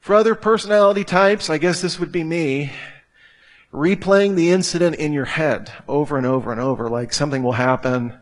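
A man preaching in a voice pitched a little above the usual. He talks in an emphatic way, stacking repeated phrases for effect. He speaks to a live congregation gathered in a church hall. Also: brisk. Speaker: pastor. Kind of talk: sermon.

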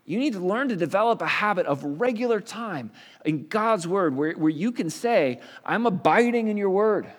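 Pastor preaching in a reverberant hall. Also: male voice, high voice, expressive, moderate pace. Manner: explanatory, conversational preaching with rhetorical questions. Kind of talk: sermon.

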